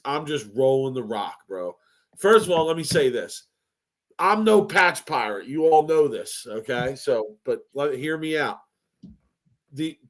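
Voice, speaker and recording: A man co-hosting a casual podcast, his voice sitting in an ordinary middle range for a man. He brags and trash-talks in a playful, joking way. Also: mid-range voice. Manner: boastful, playful trash talk. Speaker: podcast co-host. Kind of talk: casual chat.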